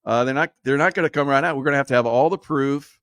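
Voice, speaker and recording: A man's voice: mid-range voice, fast talker, a bit bright, dry recording. A man hosting a casual political commentary show, sarcastic and laughing through mocking asides.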